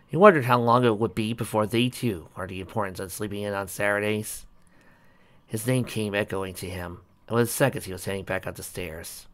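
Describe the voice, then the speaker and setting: Guy reading a story out loud, kinda low voice, plain and a bit bumpy. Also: a little fast. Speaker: reader.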